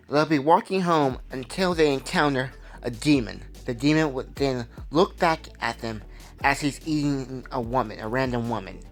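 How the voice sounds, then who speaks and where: A man telling an improvised fan story in an easygoing, conversational way. He rambles and corrects himself mid-sentence, with soft music playing behind his voice. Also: mid-range voice.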